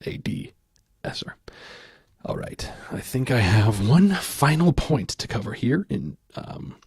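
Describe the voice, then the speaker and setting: A man with a gravelly, slightly sore voice, giving a casual soft-spoken audio software tutorial and thinking aloud as he clicks through settings. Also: mid-range voice, sing-song, a little slow, dry recording.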